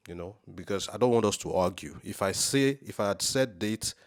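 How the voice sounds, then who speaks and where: A man hosting a scam-review video, talking viewers through a website on screen, emphatic and checking in with "okay?", rereading passages slowly for emphasis. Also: fairly low pitch. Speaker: host of a scam-review channel. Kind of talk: screen-share walkthrough commentary.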